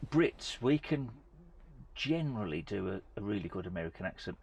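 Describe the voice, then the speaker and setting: A man hosting a podcast, relaxed and agreeable, asking rambling questions in casual chat. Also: fairly low pitch, normal speed, gravelly, slightly rough. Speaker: podcast host.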